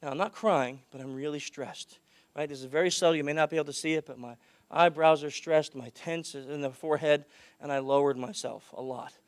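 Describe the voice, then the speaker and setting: A man giving a conference talk. He tells stories and projects loudly, then drops his voice low for the anecdotes. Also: fairly even intonation, fairly quick, clear, resonant tone, no room sound. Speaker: conference speaker. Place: conference hall.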